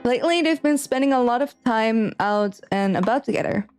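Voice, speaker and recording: A woman's voice: fairly high pitch, lively intonation, a little fast, darkish tone, clean tone, faint music behind. A woman streaming a visual novel, reading lines aloud and rambling through her theories with giggly, unsure asides. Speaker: game streamer. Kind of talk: playthrough commentary and reading aloud.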